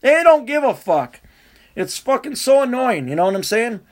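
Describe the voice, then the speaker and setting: A man telling a rambling, profane, animated story in casual chat. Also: very high-pitched, normal speed.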